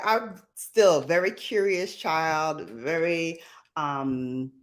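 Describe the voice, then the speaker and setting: A woman with a low voice hosts a casual live chat. She talks at an unhurried pace and rambles from story to story. She laughs often and reads viewer comments aloud. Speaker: livestream host.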